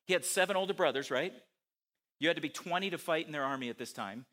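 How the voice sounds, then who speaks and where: A man preaches a lively sermon and keeps asking his listeners rhetorical questions. His voice is bright and forward. It sits a little higher than most men's voices. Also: quick pace.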